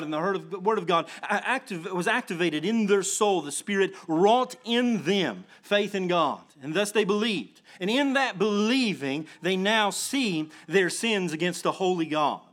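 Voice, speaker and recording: A man's voice: high voice, expressive, moderate pace, hardly any pauses, fairly bright tone. A man pastor preaching an earnest sermon, often restarting phrases and building to emphatic swells.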